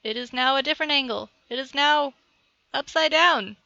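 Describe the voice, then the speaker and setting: A woman's voice: high voice, moderate pace, bright, forceful tone, no room sound, muffled recording. A woman chattily narrating a video game tutorial from her computer at home, talking aside to her cat as she plays. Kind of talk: rambling gameplay tutorial.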